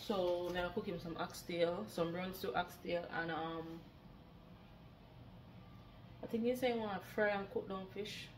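A woman's voice: on the low side, fairly even intonation, measured pace, pauses often, slight background noise. A woman vlogger, chatting casually and laughing often as she films her day. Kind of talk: casual vlog chat.

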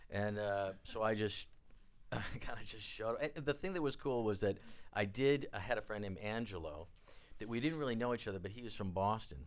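A man, a guest on a live studio interview, telling rambling, animated stories and acting out the people he quotes. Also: on the low side, a little fast. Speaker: guest, record producer and drummer. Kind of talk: anecdotal storytelling interview.

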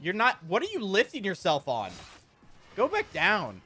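A man giving casual gameplay commentary, excitable, often swearing and laughing at surprises. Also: sits high, normal speed. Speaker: gaming YouTuber.

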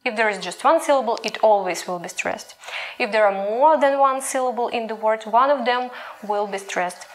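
A young woman with a Ukrainian accent gives a scripted lesson in English. She speaks patiently, sounding out each word slowly. Her voice sits a little higher than most women's. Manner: patient, explains slowly, models sounds aloud. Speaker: language teacher.

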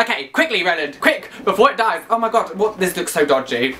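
A young man, talking in a casual vlog, excitable, self-mocking and swearing constantly. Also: high-pitched, brisk, hardly any pauses. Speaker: vlogger.

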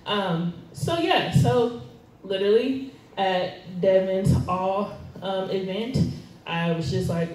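A woman's voice: mid-range voice, very animated, takes it slowly, a little mellow, recorded from a distance, a little hiss or hum. A woman preaching a casual, chatty sermon, laughing often and joking about herself. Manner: chatty, laughing, self-deprecating. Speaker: guest speaker. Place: church hall. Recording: echoey hall, recorded from afar.

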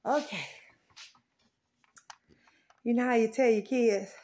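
A woman's voice: on the high side, fairly even intonation, slow pace, pauses often, a little mellow. A woman vlogging casually while she works, chatty and exclaiming, a little out of breath. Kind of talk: casual vlog to viewers.

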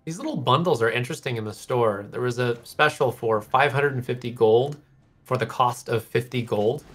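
A voice actor chatting casually and joking during a game stream. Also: male voice, medium pitch, normal speed. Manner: joking, easygoing. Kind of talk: casual chat while gaming.

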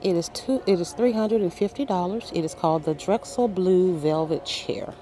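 A shopping vlogger with a lowish, mellow voice strolls through a big furniture store, phone in hand, excitedly reading sale prices aloud at a moderate pace. She calls her viewers "guys" throughout this casual walkthrough and gushes over the deals.

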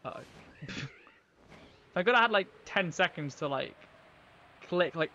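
A man's voice: high-pitched, lively intonation, unhurried, pauses often, sharp tone, highs cut off, a little hiss or hum. Chatty gamer man on a live stream. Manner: rambling, chatty, talks to viewers while playing. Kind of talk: casual live-stream gameplay chat.

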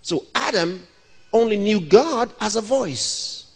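A man's voice: high-pitched, expressive, slow pace, slightly rough. A man in his sixties, a pastor, preaching a sermon by asking questions and answering them himself. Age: 60s. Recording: long reverb of a large hall.

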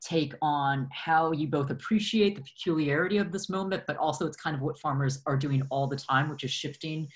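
A moderator hosts a casual panel discussion, framing audience questions slowly. The delivery is halting and hedged, full of little fillers. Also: mid-range voice.

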